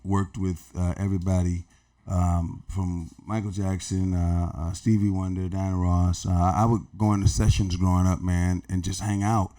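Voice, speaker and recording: A middle-aged man, a podcast guest, telling stories in a casual, animated and slangy way, often saying "man" and "bro". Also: low voice, normal speed. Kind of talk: casual storytelling.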